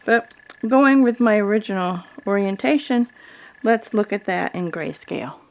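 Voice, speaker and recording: A woman with a mid-range voice and a gravelly, fry-tinged edge narrates a quilting lesson. She talks through her fabric choices calmly and plainly, one item at a time, like a patient instructor. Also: mid-range voice, moderate pace. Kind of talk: video tutorial narration.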